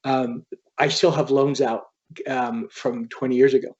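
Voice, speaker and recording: An author telling a personal story as a podcast guest, in an earnest, halting way. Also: male voice, medium pitch, little pitch movement, dull audio. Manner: earnest, halting, quoting others as he tells a story.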